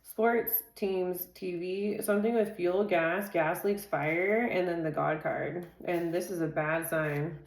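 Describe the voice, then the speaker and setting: A woman doing a relaxed tarot reading, her voice sitting a little low. She reels off card keywords in quick lists and drifts into laughing, chatty asides. The sound bounces around an echoey room. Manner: laughs easily and chats off-topic. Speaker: tarot reader.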